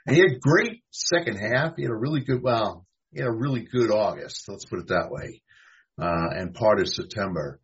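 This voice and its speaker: A man's voice: on the low side, lively intonation, moderate pace, slightly rough. A man from New York, a guest who talks fantasy baseball in a hesitant way, full of ums and restarts. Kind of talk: casual sports chat. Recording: dull lo-fi sound.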